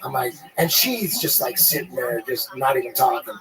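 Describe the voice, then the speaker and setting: A man's voice: medium pitch, expressive, normal speed, music in the background, rough recording. A man guest on a podcast, telling a rambling, profane story in a laid-back, casual way.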